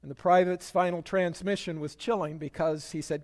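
A man preaching a sermon as pastor, measured and emphatic, leading prayer and telling stories. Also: high voice, steady tone, in a large hall.

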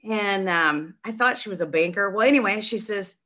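A middle-aged woman telling a long story in a casual interview, chatty and animated, with many restarts. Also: medium pitch, normal speed. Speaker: nonprofit founder, guest.

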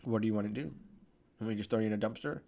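A young man co-hosting a podcast in casual chat, blunt and deadpan as he teases. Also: fairly low pitch, rapid-fire, gravelly. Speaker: podcast co-host.

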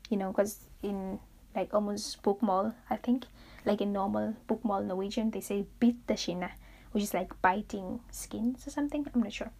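A young adult woman hosting a reflective solo podcast, rambling through her thoughts, searching for words and growing animated as she recounts stories. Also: medium pitch, moderate pace, gravelly. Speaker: podcast host.

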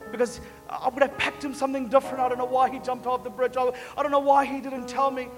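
Man voicing a remorseful widow, high voice. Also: level tone, fast talker, long reverb tail, soft background music. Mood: regretful. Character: regretful Irish widow.

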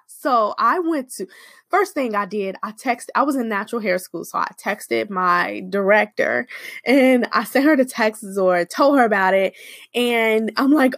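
A woman recounts her own story at an easy, slow pace, her voice rising and falling expressively. She runs a small hair care business and talks personally and openly. The sound is dry and close, with no room around it. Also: mid-range voice, no room sound.

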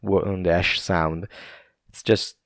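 Low, slow-talking Italian man rambling. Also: steady tone, fairly bright tone, dry recording, studio quality. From Italy. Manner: rambling, laughs often, many fillers and restarts. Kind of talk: casual rambling monologue.

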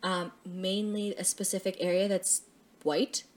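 Young woman, middle pitch, candid chatty co-host, laughs and swears often. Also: level tone, unhurried. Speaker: lash tech and podcast co-host. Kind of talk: casual chat.

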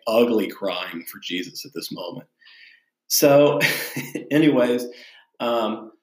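A young adult man, a pastor and podcast host, casually telling a personal story in a candid, chatty, self-deprecating way. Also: medium pitch. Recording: echoey room.

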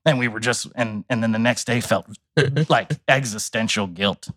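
On a podcast, a male guest spins a wild tale full of profanity, animatedly voicing the quotes of the people involved. His voice is mid-range and his pace moderate.

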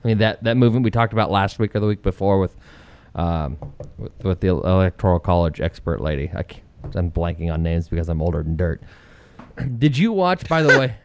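A man's voice: low-pitched, fairly quick. A middle-aged man hosting an opinionated political talk show, telling stories sarcastically and mocking the people he quotes. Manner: sarcastic, lively storytelling with mocking quoted voices. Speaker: radio talk show host.

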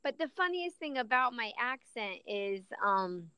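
A woman's voice: a little high, big pitch swings, unhurried, clear, resonant tone, no room sound, muffled recording. A woman in her thirties with a mixed Southern and Midwestern accent, chatting as an interview guest and laughing easily. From southern US, Florida. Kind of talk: casual interview.

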